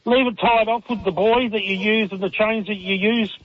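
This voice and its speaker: A man calling in to a radio show, giving halting, rambling explanations. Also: high-pitched, fairly even intonation. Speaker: caller. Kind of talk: radio call-in. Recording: muffled radio call audio.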